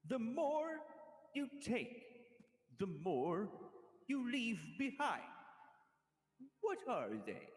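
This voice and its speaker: A man voicing a tall, calm male arena master who poses riddles, speaking in a slow, measured, theatrical way with long pauses. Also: very high voice, pitched above the performer's own voice, exaggerated voice. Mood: solemn. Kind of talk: tabletop role-play voice. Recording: roomy echo with long reverb.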